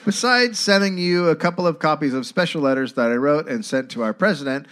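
A man's voice: fairly high pitch, animated, a little fast, fairly bright tone. A man co-hosting a live comedy podcast, reading old letters and history aloud and sometimes laughing. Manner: reads documents aloud, often breaking into laughter. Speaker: podcast co-host reading the story.

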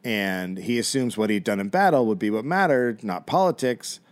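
A man's voice: on the low side, animated, normal speed, no room sound. A middle-aged man co-hosting a comedy podcast, retelling history in a casual, profane, wry way. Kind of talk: casual storytelling.

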